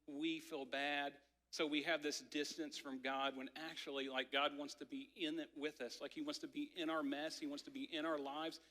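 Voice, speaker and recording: Bright-voiced pastor in echoing church. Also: male voice, a little high. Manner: conversational, many "like" fillers, animated storytelling. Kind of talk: sermon with personal story. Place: church sanctuary. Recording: church hall reverb.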